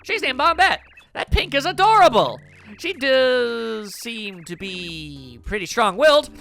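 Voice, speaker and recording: A man voicing a young male video game sidekick who describes a new companion in slow, drawn-out, musing lines. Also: extremely high pitch, very animated, creaky, pushed and bright, soft background music, pitched above the performer's own voice, heavily acted.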